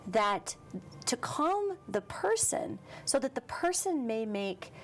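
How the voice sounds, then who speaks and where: A woman guest in an interview, speaking with lively emphasis and slowing down for calm passages. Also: a little high, slight background noise. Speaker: psychic medium guest. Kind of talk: interview conversation.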